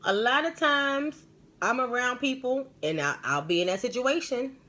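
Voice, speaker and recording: Animated, rambling woman medium. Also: a little high, normal speed. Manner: animated, rambling, emphatic, slangy. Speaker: spiritual medium hosting a live stream. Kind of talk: live-stream storytelling and advice.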